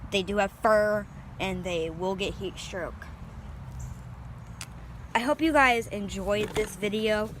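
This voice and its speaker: A young woman with a mid-range voice records a casual backyard vlog on a handheld phone, with slight background noise. Showing her pet guinea pigs, she's chatty and informal, uses many fillers, and slips into sweet baby talk for the animals.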